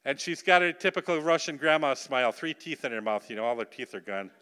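A man preaching a sermon, telling a story with animated emphasis and putting questions to the congregation. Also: medium pitch, fast, clear, resonant tone. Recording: long hall reverb.

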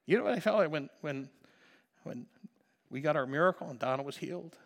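A pastor preaching a passionate sermon, dropping to a hush and then rising to loud emphasis. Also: male voice, a little high, expressive, fairly quick, creaky. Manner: impassioned, swinging between hushed and loud. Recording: reverberant hall.

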